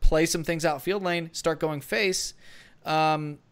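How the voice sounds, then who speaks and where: A man's voice: on the high side, fairly even intonation, takes it slowly, a bit bright, smooth. A man co-hosting a gaming podcast, giving casual strategy advice in a rambling way with many fillers and restarts. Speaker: podcast co-host.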